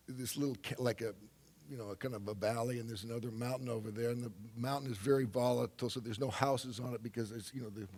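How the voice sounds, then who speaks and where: An older man telling a loose, rambling anecdote on stage to a live audience, full of fillers and laughs. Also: medium pitch. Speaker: guest speaker.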